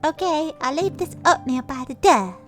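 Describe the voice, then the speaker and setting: A woman voicing a gentle, fussing old grandmother in a video game, with a cooing, raised voice. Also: lively intonation, normal speed, faint music behind. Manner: cooing, higher-pitched.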